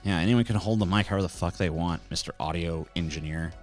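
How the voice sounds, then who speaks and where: A man's voice: sits low, fast, faint music behind. A man hosting a livestream, ranting brashly and mockingly at chat with lots of swearing, into a handheld mic held close. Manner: brash, foul-mouthed, mocking. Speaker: livestream host. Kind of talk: casual profane ranting to chat. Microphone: handheld microphone, close.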